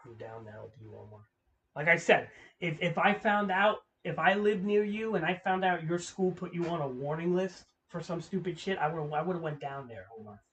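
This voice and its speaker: A man's voice: fairly high pitch, lo-fi sound, a little hiss or hum. A man giving casual gameplay commentary to a viewer, rambling and swearing, often restarting his words. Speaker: gaming channel host.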